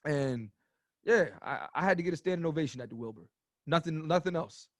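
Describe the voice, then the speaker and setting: A man in his thirties, a stand-up comedian guest on a podcast, telling stories in a rambling, animated way full of filler words. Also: fairly high pitch, a little fast, no room sound. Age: 30s. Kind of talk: casual podcast storytelling.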